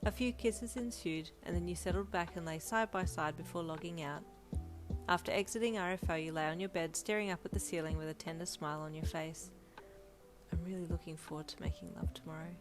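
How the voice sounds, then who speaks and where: A woman narrating a fanfiction audiobook in a steady storytelling manner. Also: fairly low pitch. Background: faint lo-fi music.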